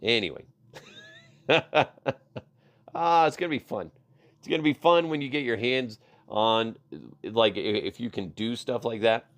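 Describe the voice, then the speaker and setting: A middle-aged man hosting a podcast, chatting casually about odd news with lots of swearing and laughter. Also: mid-range voice. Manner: profane, laughing, riffs into silly voices. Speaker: podcast host. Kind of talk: casual comedic news chat.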